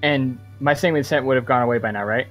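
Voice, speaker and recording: A man's voice: mid-range voice, quick pace, lo-fi sound, faint music behind. A man playing in a tabletop game who asks the game master tentative questions about the scene. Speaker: player. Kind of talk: casual game talk.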